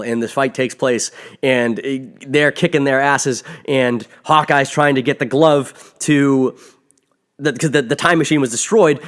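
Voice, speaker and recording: A man hosting a podcast, recapping a film in an excited, gushing, rambling way, swearing freely and often restarting his sentences. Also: mid-range voice. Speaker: podcast host. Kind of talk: casual spoiler movie review.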